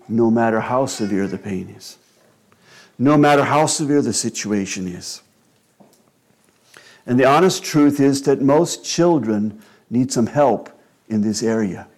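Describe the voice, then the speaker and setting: A man delivering a sermon at an unhurried, deliberate pace. His voice sits at an ordinary middle pitch. He speaks earnestly and drops into quieter asides. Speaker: preacher. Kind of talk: sermon on child-rearing.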